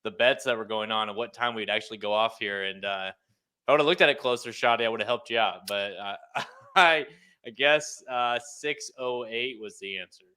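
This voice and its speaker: A man's voice: on the low side, moderate pace, sharp tone, clean tone. A man in his thirties co-hosting a podcast, talking loosely and laughing often. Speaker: podcast co-host. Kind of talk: casual chat.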